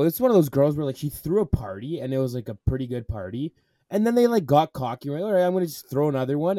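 A man's voice: a little high, dark tone, no echo. Rambling slangy young man. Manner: rambling, slangy, full of filler words. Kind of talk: casual storytelling chat.

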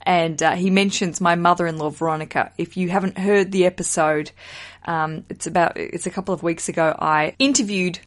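A woman's voice: on the low side, steady tone, brisk. Chatty, jokey woman podcast host. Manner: chatty, jokey, self-mocking, swears casually. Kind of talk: casual solo podcast chat.

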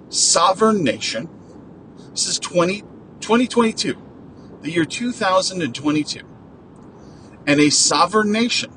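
Man, solo host, unhurried rambling talk, lots of ums and restarts, faint rumble behind. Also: fairly bright tone, rough recording. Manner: digressive, many fillers and restarts, casual swearing.

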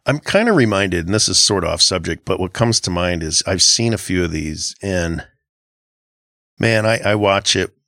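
A man's voice: deep voice, expressive, moderate pace, sharp tone, no echo, studio quality. A middle-aged man co-hosting a casual Christian podcast, talking in an earnest, reflective way with frequent halts and restarts. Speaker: podcast co-host.

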